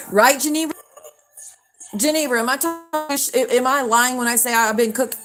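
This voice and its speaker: A woman's voice: sits high, steady tone, moderate pace, over music. Woman, livestream host, heated rant, swearing, addresses viewers directly.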